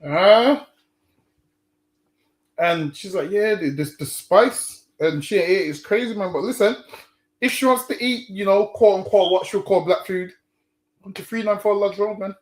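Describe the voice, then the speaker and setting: A man with a high voice preaches on the street in an emphatic, chatty way. He keeps coming back to "listen" and "man". The sound is roomy and echoey. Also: measured pace.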